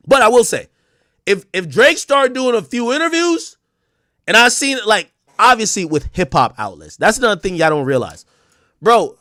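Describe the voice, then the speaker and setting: Animated high-voiced Jamaican man ranting. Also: no echo, studio quality. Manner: animated, blunt, repeats words when getting going. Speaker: streamer and media personality. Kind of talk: casual livestream rant.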